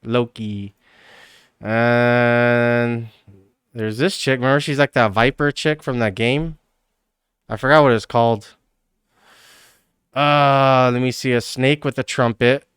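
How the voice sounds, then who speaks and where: A man's voice: mid-range voice, fairly even intonation, slow, long pauses, a bit bright, clean tone, no room sound, clean studio sound. Laughing, foul-mouthed male streamer. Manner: profane, rambling, laughs a lot. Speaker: live streamer. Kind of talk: casual live-stream chat.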